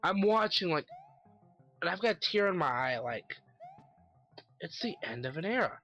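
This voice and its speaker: A man's voice: high-pitched, sing-song, moderate pace, bright, forceful tone, dull audio. Profane, ranting man over faint music. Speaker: wrestling commentary vlogger. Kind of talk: casual solo commentary.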